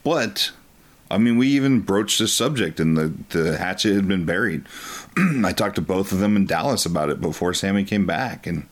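A young man co-hosting a wrestling show, recapping past events in a relaxed way with many filler words. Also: low voice, moderate pace. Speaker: wrestling promotion co-host. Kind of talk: casual commentary over match footage.

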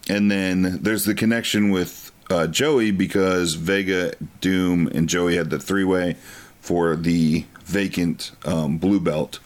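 A young man co-hosting a wrestling show, recapping past events in a relaxed way with many filler words. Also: low-pitched, takes it slowly. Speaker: wrestling promotion co-host. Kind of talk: casual commentary over match footage.

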